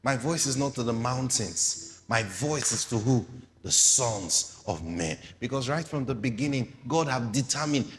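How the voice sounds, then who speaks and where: A man's voice: medium pitch, expressive, a little slow, big-room sound. A man preaching a sermon, reading scripture aloud and explaining it with rhetorical questions to the congregation.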